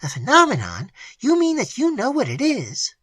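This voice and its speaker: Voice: mid-range voice, huge pitch swings, normal speed, fairly bright tone, husky, no room sound, voice pushed up, exaggerated voice. A narrator voicing a frightened, pious middle-aged woman, the wife of a clergyman, in a classic storybook reading.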